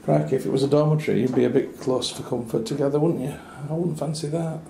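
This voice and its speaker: A man's voice: medium pitch, fast, vocal fry, dark tone. Wry man touring a hotel room. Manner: chatty and wry, with dry asides. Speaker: travel reviewer. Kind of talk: casual hotel room walkthrough. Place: small hotel room, indoors. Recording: echoey small room with faint noise.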